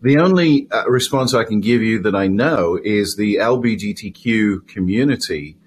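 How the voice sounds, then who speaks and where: Man, middle-aged, measured and hesitant, lowish voice, faint background noise. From United Kingdom. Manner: hesitant, measured, many pauses and fillers. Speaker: guest, volunteer chaplain. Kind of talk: interview answers.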